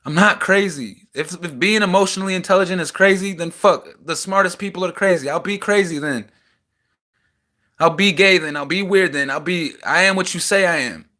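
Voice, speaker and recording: A man's voice: high-pitched, moderate pace, sharp tone. Agitated young man venting raw feelings. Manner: raw, agitated, swings from heated to subdued. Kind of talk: emotional personal rant to camera. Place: small house, indoors.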